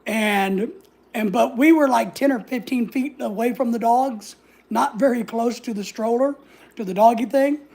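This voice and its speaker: A husky woman tells a story in a casual vlog, sassy and blunt, swearing freely. Her voice has a gravelly edge, and it sits a little high. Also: normal speed, a little mellow. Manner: sassy, blunt, swears freely, acts out other people's lines. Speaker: vlogger.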